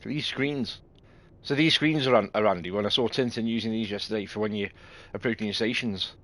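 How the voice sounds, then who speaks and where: A man's voice: fairly low pitch, brisk, fairly bright tone. A British man chatting casually and rambling as he streams a game, laughing easily. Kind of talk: casual live stream chat.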